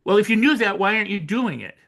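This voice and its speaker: An older man, an author and coach, talking in an interview with animated storytelling, acting out quoted voices and often restarting his sentences. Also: sits high, quick pace, gravelly. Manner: frequent restarts and repetitions. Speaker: author and personal growth coach. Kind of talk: interview conversation.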